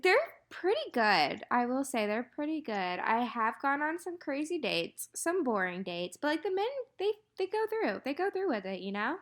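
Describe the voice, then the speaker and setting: A woman's voice: sits high, normal speed, few pauses. A young woman with a North Carolina accent, chatting animatedly as a podcast co-host and telling stories about her week. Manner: chatty, animated storytelling with frequent laughs. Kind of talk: casual chat.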